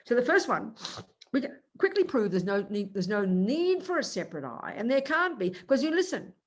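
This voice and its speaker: An older woman gives a Buddhist teaching in an emphatic, animated way. She argues point by point and slips into quick acted-out exchanges to make her case. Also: on the high side. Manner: animated, emphatic, acts out little dialogues. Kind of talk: dharma teaching.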